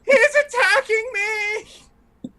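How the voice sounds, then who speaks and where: A man voicing a whiny, pampered teenage fop who wails and cries out for his father in a high, crying voice. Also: steady tone, extremely slow, pushed and bright, full character voice. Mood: wailing. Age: about seventeen (figure).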